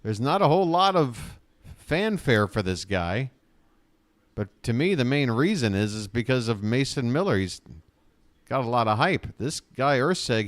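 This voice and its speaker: Guy streaming fan play-by-play of a ball game, mid voice, gets animated and ranty with jokey asides. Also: mid-range voice. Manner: animated, ranting, joking asides. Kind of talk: live fan play-by-play commentary.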